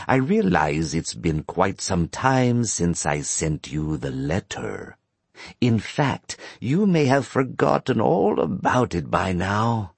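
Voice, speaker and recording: A man's voice: creaky, breathy edge, no room sound, full character voice. A man doing a sinister, lurching phone voice. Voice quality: peculiar shifting voice, at times helium-high. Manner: slow, taunting, drawn-out. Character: sinister mysterious male caller.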